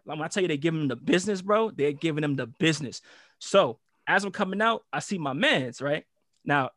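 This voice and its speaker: A young American man spins a rowdy story in loose, profane slang, acting out what everyone said. His voice sits a little high, and the sound is dry and close with no room around it. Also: dry recording. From United States. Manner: animated, profane street slang, acts out quotes. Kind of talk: casual storytelling chat.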